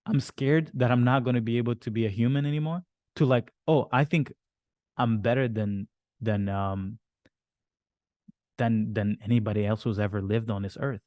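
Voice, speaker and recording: A man's voice: medium pitch, dark tone, dry recording. A man teaching a business course on a group call, rambling and swearing, acting out his clients' inner worries. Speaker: business coach.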